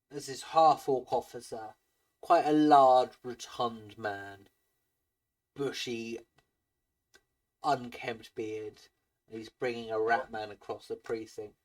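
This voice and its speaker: A man narrating as game master of a tabletop game, hesitant with frequent ums. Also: medium pitch. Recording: voice from far off the mic.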